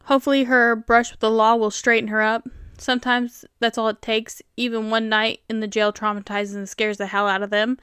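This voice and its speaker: A woman with a Southern US accent who hosts a show reading online stories, animated and quick to laugh. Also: a little high, clear, resonant tone, no echo, clean studio sound. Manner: animated, laughs often, reads in voices. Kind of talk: casual storytelling and reaction.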